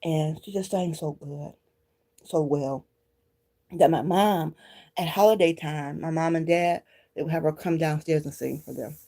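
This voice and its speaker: A woman from Detroit chats casually to her viewers. She speaks in a low, mellow voice and addresses them directly as she reminisces. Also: unhurried. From Detroit, Michigan. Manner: reminiscing, talks straight to viewers. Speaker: vlogger.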